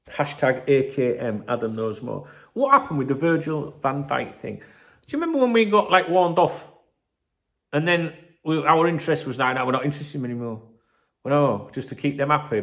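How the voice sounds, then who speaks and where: A man's voice: medium pitch, a bit bright. A man hosting a football channel, ranting and rambling in casual, sweary banter.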